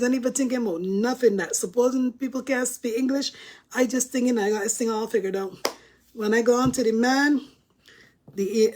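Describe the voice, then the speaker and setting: A woman's voice: fairly high pitch, a little mellow. Chatty Bajan woman telling stories. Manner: chatty, laughs often, addresses viewers as guys. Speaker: vlogger. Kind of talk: casual storytelling to camera.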